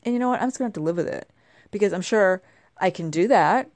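A woman's voice: mid-range voice, expressive, fast talker, a little mellow, no room sound. A middle-aged woman chatting casually to camera at home, bubbly and rambling, her voice a little nasal from a congested cold. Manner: bubbly, chatty, wandering asides. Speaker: vlogger.

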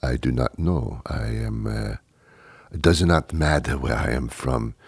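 A man putting on a fake-French smooth talker. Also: rumbling low, dry recording, voice pushed down, heavily acted. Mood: flustered. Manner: slow, hushed, suave put-on. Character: phony Frenchman at a hotel bar, smooth-talking and lonely.

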